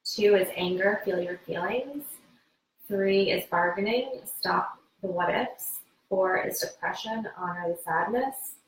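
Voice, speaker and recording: A woman co-hosting a live wellness webinar, reading questions and adding advice in a calm, clear way. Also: medium pitch, a little slow. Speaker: webinar co-host. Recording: echoey, distant mic, faint noise.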